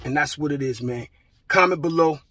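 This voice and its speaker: A man's voice: fairly high pitch, a little fast, sharp tone, dry recording, clean studio sound. A man talking bluntly and emphatically, repeating himself and swearing freely, in a heartfelt pep talk.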